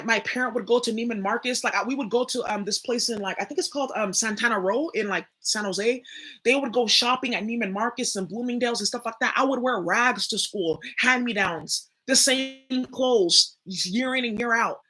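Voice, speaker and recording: A woman's voice: a little high, moderate pace, bright, forceful tone, husky. A young woman, talking straight to her viewers in a blunt, profane, emphatic monologue. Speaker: spiritual reader and channel host. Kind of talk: casual spoken monologue.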